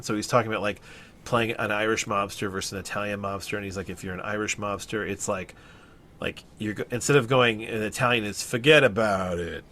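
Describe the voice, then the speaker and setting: A man's voice: fairly low pitch, a bit bright, a little hiss or hum. A man co-hosting a podcast, rambling in casual chat and swearing freely. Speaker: podcast co-host.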